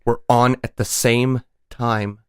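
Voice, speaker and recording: A man's voice: medium pitch, level tone, slow, smooth, no echo. A young man co-hosting a podcast in casual chat, with dry, sarcastic short reactions. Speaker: podcast co-host.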